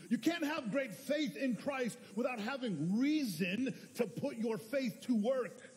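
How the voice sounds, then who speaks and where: A man preaches to his congregation, earnest and conversational, correcting himself as he goes. His voice sits high for a man. The church hall trails his words with a long reverb. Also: a little mellow. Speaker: pastor. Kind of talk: sermon. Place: church sanctuary.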